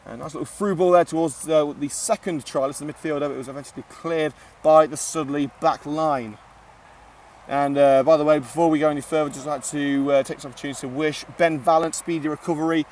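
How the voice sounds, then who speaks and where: A chatty man calls a football match live from an outdoor ground, filling pauses with "uh" and cracking jokes. His voice sits fairly high, and he sounds a little distant from the mic. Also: fairly even intonation, a little mellow. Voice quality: chatty, joking, many filler "uh"s. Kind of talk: live amateur match commentary.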